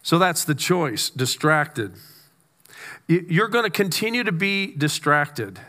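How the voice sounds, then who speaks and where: A man preaching a conversational sermon, with stammered restarts and slow, weighty emphasis on key words. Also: on the high side, very animated, pushed and bright. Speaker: pastor.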